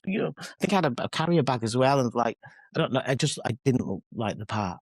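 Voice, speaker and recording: A pop singer and author from England, in his forties and speaking Mancunian English, talks fast and expressively in a medium-pitched voice with a breathy edge, recorded dry. Guesting in an interview, he rambles through self-deprecating, candid tales, restarting often and acting out quotes.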